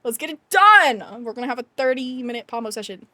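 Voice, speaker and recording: A woman's voice: fairly high pitch, animated, quick pace, pushed and bright. A young adult woman streaming, chatting casually and animatedly to her viewers, laughing often and ranting with emphasis. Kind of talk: casual chat to live chat.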